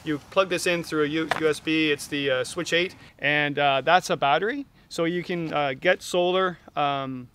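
A middle-aged Canadian man reviewing camping gear outdoors at a campsite, making jokey deadpan asides between many fillers. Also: a little high, normal speed, hardly any pauses, a little hiss or hum. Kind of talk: joking gear review vlog.

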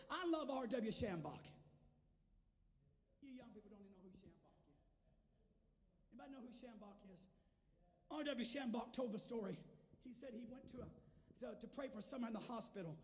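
A man preaching a sermon as a guest, moving between quiet storytelling and shouted, sing-song preaching. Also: very high-pitched. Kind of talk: Pentecostal sermon. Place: large church sanctuary. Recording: church hall with long reverb and faint music.

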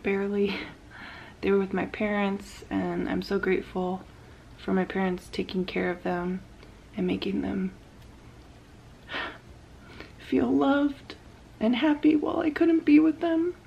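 A woman's voice: medium pitch, flat delivery, unhurried, gravelly, long pauses, mellow, husky, lo-fi sound. A woman in her thirties recording a personal video diary, speaking openly and emotionally, tearful at times. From California. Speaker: vlogger sharing her cancer journey.

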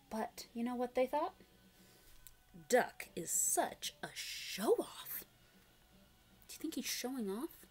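A young woman reading a picture book aloud to preschoolers, asking the listener questions and making animal noises. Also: fairly low pitch. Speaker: children's storyteller.

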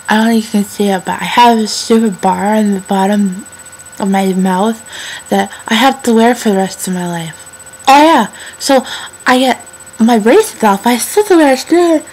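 A woman's voice: on the high side, measured pace, pauses often, a little mellow, a little hiss or hum, poor audio. A teenage girl vlogging casually to her webcam at home, chatty and a little self-conscious, talking with a slight lisp from her retainer. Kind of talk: casual chat to camera.

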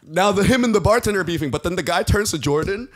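Animated young man telling a story. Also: high voice, quick pace. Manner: animated, slangy, acts out quotes. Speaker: podcast co-host. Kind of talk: casual chat, storytelling.

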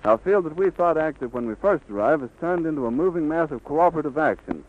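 A man's voice: fairly high pitch, animated, fast talker. A man giving a live on-the-scene radio report, with vivid, flowing eyewitness description on a 1930s disc recording. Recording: dull, lightly hissy 1930s disc recording.

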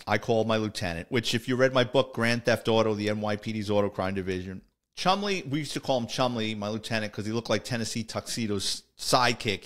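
On a relaxed storytelling podcast, a middle-aged man who retired from the police recounts stories casually, leaning on "he goes" and "I says." His voice sits on the low side and is a bit bright.

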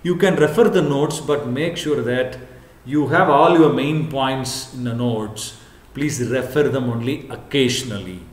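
A male professor giving an earnest lecture to camera, repeating his points and often pausing on "what you call". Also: medium pitch. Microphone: camera, speaking to camera. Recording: echoey room.

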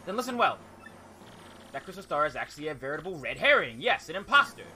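A man's voice: fairly high pitch, sing-song, sharp tone, a little hiss or hum, voice pushed up, exaggerated voice. Man doing a pompous, haughty detective. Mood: smug. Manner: haughty, theatrical, drawn-out accusations. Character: pompous self-assured male detective. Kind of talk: reading game dialogue aloud in voices.

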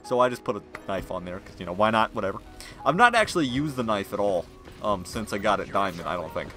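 Young guy playing a shooter, bright voice, mumbles then yells, game music and gunfire behind. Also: lowish voice, quick pace. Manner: excitable, slangy, mutters then yells at the game. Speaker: gaming video creator. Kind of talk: live gameplay commentary.

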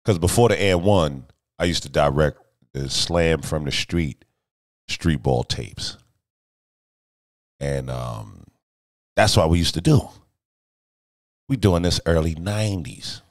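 A middle-aged streamer and music video director speaks in an expressive bass voice, slowly and with frequent pauses, on a dry recording. Chatting live from his home studio, he's boastful and profane, joking and meandering through stories.

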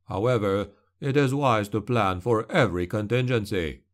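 A man's voice: lowish voice, lightly acted. A man voicing a hissing, sinister shadow creature. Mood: cold menace. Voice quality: hissing, slow and deliberate. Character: sly sinister male shadow creature, calm.

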